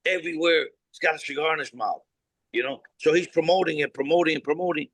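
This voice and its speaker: Blunt cigar-maker guest, forceful bright voice, animated storyteller, dry close mic. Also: male voice, a little high, fast talker, no room sound, poor audio. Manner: blunt, no-nonsense, swears freely, acts out dialogue. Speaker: cigar company founder, guest.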